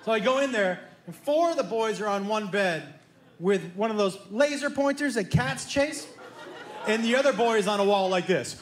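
Lively high-voiced stand-up comedian man. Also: normal speed, a faint crowd, slight background noise. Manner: animated, acts out family members' voices. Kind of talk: stand-up storytelling. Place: comedy stage before a live audience.

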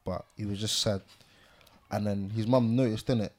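A young man talks in a loose, slang-filled way to friends. His voice sits a little low. He tells stories at an easy, meandering pace. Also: steady tone, normal speed. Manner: laid-back slang-heavy storytelling. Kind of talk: casual group chat.

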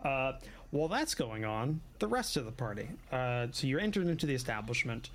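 A man's voice: medium pitch, sing-song, brisk, noisy background. A man running a tabletop game as game master, rambling with many fillers and laughs.

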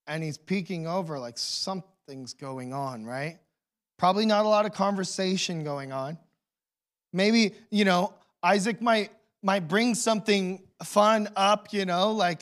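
A man preaching a sermon as pastor, telling the story with swings between hushed and loud emotional delivery. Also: high-pitched, unhurried.

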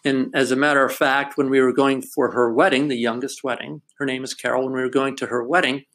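A man's voice: medium pitch, flat delivery, a little fast, a bit bright. An older man in casual chat, telling a family story in a reflective way and laughing now and then.

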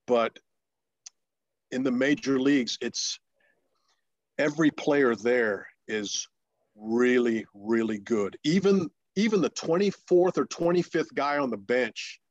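In this storytelling interview, a man in his fifties who once pitched professionally speaks haltingly, with frequent fillers and restarts, and his voice leaps higher as he imitates excited people. There's no room sound, and the high frequencies are cut off.

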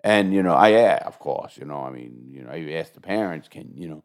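A man's voice: very deep voice, brisk. An older man hosting a podcast, telling stories in casual chat with a swear here and there. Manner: storytelling, animated, swears casually. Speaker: podcast host.

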